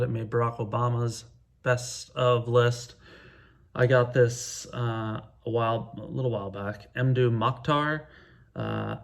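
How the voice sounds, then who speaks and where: A middle-aged man talking casually to camera as a music vlogger, counting down his favorite records in an easygoing, enthusiastic way with frequent hesitant pauses. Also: fairly low pitch.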